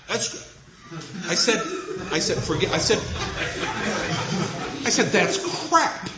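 Guy lecturing on poetry, high lively voice, acts out his students, echoey hall, dull noisy recording. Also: slow, pauses often. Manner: animated storyteller, acts out students. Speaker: literature lecturer. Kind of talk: lecture with anecdote.

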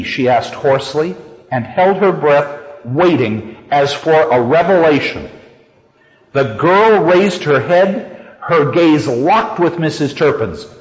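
A man lectures on a story, reading passages and then explaining them in a slow, deliberate way. His voice sits a little high. The recording is dull and lo-fi, with a long echo from a large hall. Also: lively intonation. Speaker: literature teacher. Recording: echoey hall, dull lo-fi sound.

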